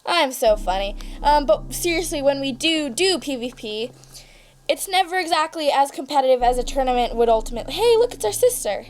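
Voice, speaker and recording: A woman's voice: sits high, lively intonation, fairly quick. A young woman hosting her gaming channel, chatting through a card game in a bubbly, rambling, jokey way. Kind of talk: casual game commentary.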